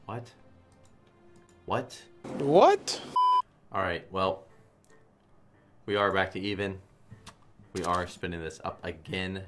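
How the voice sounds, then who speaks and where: A man's voice: deep voice, slow pace, pauses often, loud music behind the voice. Swearing man streaming slots. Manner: swears a lot, shifts between flat muttering and loud outbursts. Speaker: slot streamer. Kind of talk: casual gambling stream commentary.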